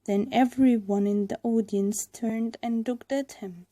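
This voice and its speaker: A woman reading a storybook aloud to learners, clear and deliberate. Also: a little high, fairly even intonation, mellow.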